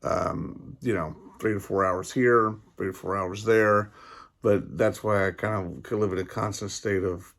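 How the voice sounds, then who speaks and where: A tired man recording a casual personal video message, talking in a rambling, halting way with many fillers and restarts. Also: fairly low pitch, steady tone, a bit bright. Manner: sincere, grateful. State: tired, yawning. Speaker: vlogger.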